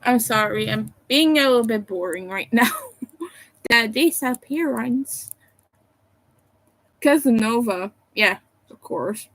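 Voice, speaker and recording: A woman's voice: a little high, lively intonation, slow pace, pauses often, fairly bright tone, dry recording, low-quality recording. A sleepy woman on a casual livestream from home, rambling and apologizing as she thinks aloud. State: sleepy, yawning.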